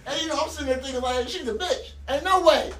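A man with a strikingly high voice hosts a loose podcast chat. He tells his stories with lots of laughter and profanity, keeps the energy animated, and slips into quick voiced quotes. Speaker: podcast host. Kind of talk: casual chat, storytelling.

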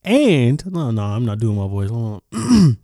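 Man, casual reaction vlog, blunt and profane, keeps clearing his throat, mellow tone, dry sound. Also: medium pitch, very animated, unhurried, no echo. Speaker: commentary vlogger.

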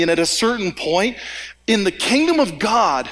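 A man preaching a lively sermon as pastor, joking with the congregation and often repeating and restarting words. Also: sits high, normal speed. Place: church hall. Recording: long hall reverb.

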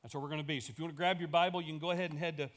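A man's voice: a little high, steady tone, very fast. A male pastor delivering a sermon in a church, building emphasis through repeated phrases.

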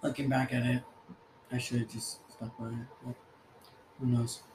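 A laid-back young man talks casually, peppering his speech with "like" and swearing, laughing often. His voice sits at an ordinary pitch. The room is echoey, with a faint hum of ambient noise behind him. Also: completely flat delivery, moderate pace. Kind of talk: casual chat.

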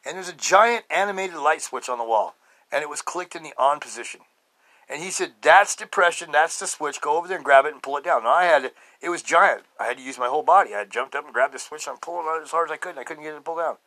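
A middle-aged man hosting a podcast, telling his own story emphatically and swinging between loud outbursts and low murmurs. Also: expressive, fast talker, no echo, poor audio. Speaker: podcast host. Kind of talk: personal testimony monologue.

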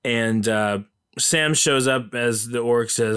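Enthusiastic rambling man, smooth voice. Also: mid-range voice, moderate pace, a bit bright. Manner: enthusiastic, rambling with many fillers. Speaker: film commentator. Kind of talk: casual retelling of a film.

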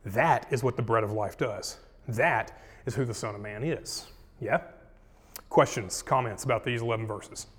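A man teaching a Bible study in a relaxed, conversational way, dropping in slang and checking in with "yeah?" and "right?". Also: mid-range voice, normal speed, slightly rough, in a large hall.

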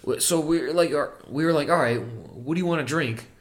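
A man's voice: a little high, fairly quick. A man co-hosting a casual chat while drinking, telling stories full of fillers and curse words. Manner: profane storytelling with many fillers. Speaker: podcast co-host.

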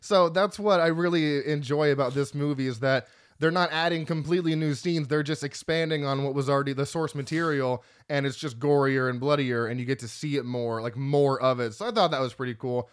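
A man's voice: mid-range voice, a little fast, hardly any pauses, clear, resonant tone. A man co-hosting a casual movie podcast, rambling with lots of fillers and the odd swear. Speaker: podcast co-host.

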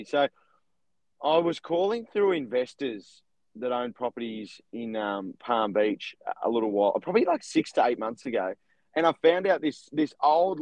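A young man, a real estate agent and podcast co-host, telling stories in an animated, casual way. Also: medium pitch, no room sound, dull audio. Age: young adult. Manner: animated storytelling with laughs. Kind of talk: casual chat.

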